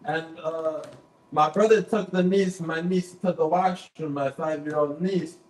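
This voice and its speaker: A man's voice: a little high, steady tone, measured pace, a little mellow. A man hosting a comedy show, loose and stammering as he hypes the crowd and tells a bit. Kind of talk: emceeing and stand-up. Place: basement comedy club. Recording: echoey club room.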